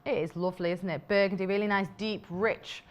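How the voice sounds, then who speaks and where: A woman's voice: mid-range voice, fairly even intonation, fairly quick. A woman presenting fabrics live on a shopping channel. She speaks in a chatty, enthusiastic way, with lots of fillers and asides to her crew. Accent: British English.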